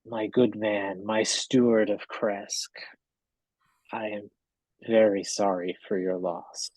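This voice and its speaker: A man speaking as a kindly abbot, low and husky, with very slow and measured words full of sympathy. The sound is dry and close, as in a tabletop game. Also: fairly even intonation, darkish tone, no room sound, rough recording. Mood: solemn. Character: gentle, solemn older male abbot.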